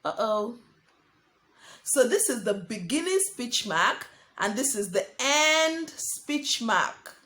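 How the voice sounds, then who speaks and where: A young woman teaching small children, her voice rising and falling in a lively sing-song. She speaks slowly and a little high, repeating key words while writing on a board. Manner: slow, sing-song teacher talk addressing children as friends. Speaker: primary school teacher. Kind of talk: online lesson for young children.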